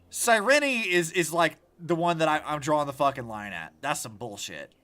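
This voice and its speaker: A man's voice: on the high side, moderate pace. A man streaming a game as a vtuber, chatting casually and ranting with plenty of swearing. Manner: rambling, profane, animated ranting. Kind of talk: casual gaming stream commentary.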